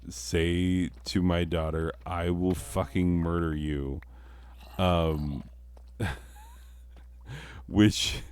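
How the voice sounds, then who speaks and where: A man's voice: low voice, a little mellow, dry recording. A middle-aged man, a teacher and father, rambling through a profane, self-deprecating confessional monologue.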